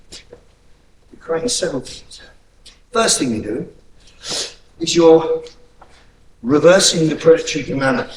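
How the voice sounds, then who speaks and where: A man's voice: on the high side, recorded from a distance, slight background noise. A man teaching a hands-on self-defence class, blunt and profane, barking drill commands between explanations. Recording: echoey room, voice from afar.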